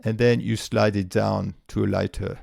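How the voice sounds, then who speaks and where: A man with a voice walking through a spreadsheet tutorial step by step, relaxed, with frequent fillers and restarts. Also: lowish voice, normal speed, gravelly, no room sound, clean studio sound. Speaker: tutorial presenter. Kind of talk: screen-recorded software tutorial.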